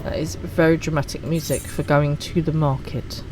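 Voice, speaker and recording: A woman's voice: deep voice, steady tone, normal speed, loud music behind the voice, rough recording. A woman streaming a game, chatting casually and teasing herself. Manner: chatty, self-mocking. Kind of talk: casual gameplay commentary.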